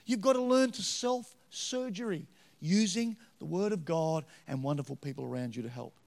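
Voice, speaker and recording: A middle-aged man with an Australian accent preaching a story-filled sermon, swinging between loud punches and hushed asides. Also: very high voice, vocal fry. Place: church with live band. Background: faint music from a band.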